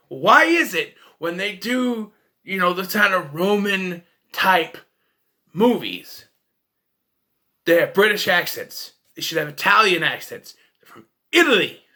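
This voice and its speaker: Animated, ranting male film reviewer. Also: high voice. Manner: ranting, profane, jumps into mocking voices. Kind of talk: casual film rant.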